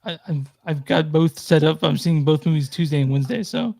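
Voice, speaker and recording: A man with a slightly high voice co-hosts a movie podcast in a relaxed, hesitant style, with plenty of small fillers. The recording is dry and close, with no room sound. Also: fairly quick, creaky, no room sound. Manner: easygoing, hesitant, lots of fillers. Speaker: podcast co-host. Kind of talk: casual chat.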